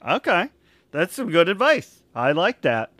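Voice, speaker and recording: A man hosting an interview, easygoing, who answers with brief replies and asks relaxed questions. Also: high-pitched, a little hiss or hum. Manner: easygoing, quick short replies. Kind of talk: casual interview.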